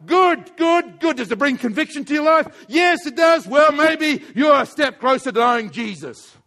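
Casting: male preacher, high-pitched, emphatic sermon with hushed and loud stretches. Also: animated, normal speed. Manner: wide swings from hushed to loud, emphatic repetition.

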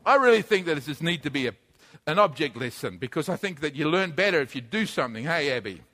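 Guy preaching a lively sermon, high voice, real bright and punchy, gets the crowd to repeat after him and shouts a lot. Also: quick pace. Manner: energetic, leads call-and-response, often shouting. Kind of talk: sermon with congregation participation.

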